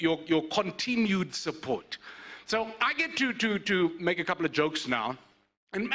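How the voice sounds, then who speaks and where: Man, from South Africa, stand-up comedian hosting, joking asides, high bright voice. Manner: animated, joking, playful asides. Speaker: event host and comedian.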